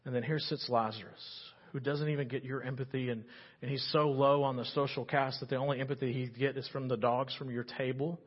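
Husky-voiced preacher giving an animated sermon. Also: male voice, mid-range voice, a little fast, dull audio. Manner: animated, swings between loud emphasis and hushed earnestness. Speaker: pastor.

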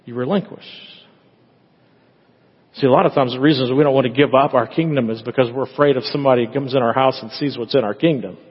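Husky preacher in an echoey church. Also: male voice, mid-range voice, steady tone, quick pace. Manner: conversational, acts out prayers in quoted voices. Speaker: pastor. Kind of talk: sermon. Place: church sanctuary. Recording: echoey hall, dull lo-fi sound.

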